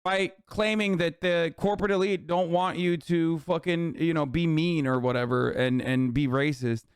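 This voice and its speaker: A man in his thirties with a fairly high, clear, resonant voice and fairly even intonation speaks at a moderate pace. He curses and sneers through a heated political rant on a live stream, reading chat aloud, in clean studio sound with no room echo.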